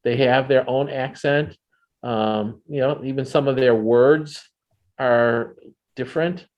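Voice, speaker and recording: American man explaining things, relaxed. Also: medium pitch, slow, dull audio. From United States. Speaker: guest. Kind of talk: casual video call chat. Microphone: video call.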